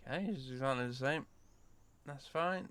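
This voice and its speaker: A man giving relaxed, offhand commentary while streaming a game. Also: medium pitch, moderate pace, clean tone. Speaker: gameplay streamer. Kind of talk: casual gameplay commentary.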